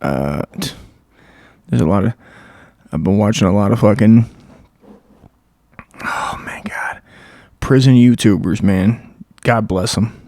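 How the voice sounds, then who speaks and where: A man's voice: on the low side, normal speed, pauses often, dark tone, no room sound, studio quality. Crude rambling male comedy host. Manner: rambling, crude, riffing with mock quotes. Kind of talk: profane comedic monologue.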